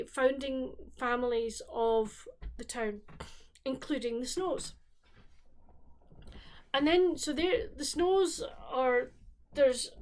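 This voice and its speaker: A woman's voice: sits high, darkish tone. A woman chatting casually about books she has read, rambling with frequent restarts. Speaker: book vlogger. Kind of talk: casual book chat.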